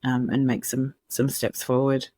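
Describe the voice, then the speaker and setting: A woman co-hosting a parenting podcast, chatting warmly and giving practical advice with easy laughs. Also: very deep voice, flat delivery, measured pace, dry recording, clean studio sound. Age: adult parent. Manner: chatty, laughs easily, friendly reassurance. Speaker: podcast co-host and infant sleep practitioner. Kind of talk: casual advice chat.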